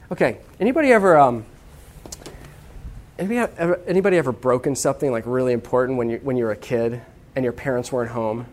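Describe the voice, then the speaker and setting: Lively preaching man, animated delivery. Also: medium pitch, fast talker. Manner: lively, humorous, acts out voices of people; talks to the audience with many "okay?" checks. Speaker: pastor teaching on evangelism. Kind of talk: sermon.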